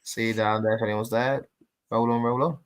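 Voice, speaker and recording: Laid-back male co-host, mid pitch, dry close recording, casual chat. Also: fairly even intonation, fairly quick, smooth, no echo. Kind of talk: casual football podcast chat.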